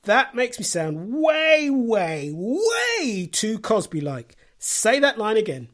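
Wry self-mocking comedian, lively pitch. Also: male voice, slow pace. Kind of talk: comedy podcast monologue.

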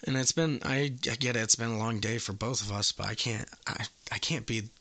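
A man's voice: medium pitch, brisk, bright, forceful tone. A man making a prank phone call, rambling and swearing in angry outbursts. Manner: profane, rambling, escalating outbursts. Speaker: prank caller.

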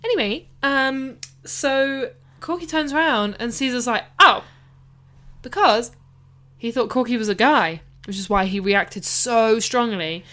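A woman co-hosting a podcast, chatting casually about a film, animated and quick to laugh. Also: a little high. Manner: animated, laughs often, tries voices. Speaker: podcast co-host. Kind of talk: casual film-review chat.

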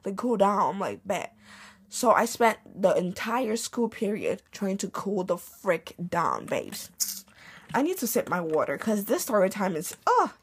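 A young woman hosts a podcast, delivering a casual storytime rant full of slang and swearing. Her voice is husky and medium-pitched, with a sing-song lilt and a measured pace.

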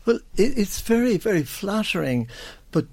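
A man's voice: high-pitched, sing-song, moderate pace, gravelly, a little mellow, husky, dry recording. An older man with an Irish accent, a guest on a radio show, telling rambling anecdotes full of restarts. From Ireland. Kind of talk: radio interview.

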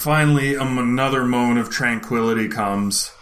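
A man's voice: mid-range voice, normal speed, slight background noise. A man telling a funny story in casual talk, swearing and laughing as he goes. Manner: animated, swears often, laughs through the telling.

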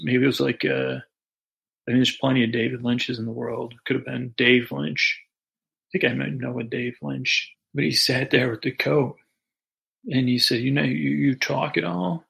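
Guy with a really gravelly raspy voice rambling thru a goofy story, lots of restarts. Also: medium pitch, a bit bright, rough recording. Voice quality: gravelly, husky. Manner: halting, full of restarts and asides. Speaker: comedy storyteller. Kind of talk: rambling improvised comic story.

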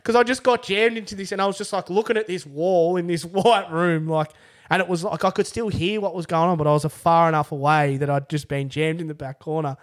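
A man's voice: on the high side, fairly even intonation, a little fast. A young Australian man in a podcast interview, telling a long story in casual chat, rambling with restarts and swearing freely. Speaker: podcast guest.

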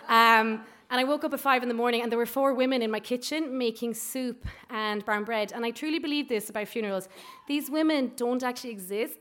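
A woman's voice: a little high, fairly bright tone, slight background noise. Irish woman telling a true story. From Ireland. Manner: conversational, lots of "like" and "you know". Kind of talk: live personal storytelling.

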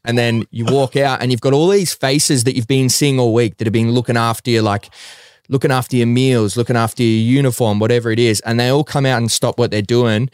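A man's voice: mid-range voice, a little fast, smooth, no echo, clean studio sound. A young man, a professional fighter, telling stories casually in an interview and swearing now and then. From Australia. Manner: relaxed, swears casually, acts out others' lines.

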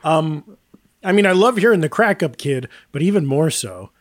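A man's voice: on the high side, animated, normal speed, no echo, clean studio sound. A man co-hosting a casual comedy podcast, joking wryly and laughing often. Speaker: podcast co-host.

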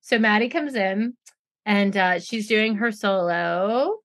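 A woman in her forties co-hosting a casual chat, recapping a show quickly and sarcastically, often mocking others in put-on voices. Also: medium pitch, fairly bright tone, dry recording. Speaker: podcast co-host recapping a reality show.

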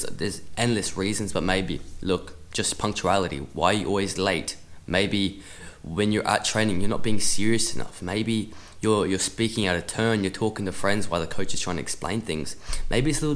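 Low-voiced man giving blunt coaching advice. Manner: direct, coaching tone, acts out dialogue. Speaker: soccer podcast host. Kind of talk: motivational advice talk.

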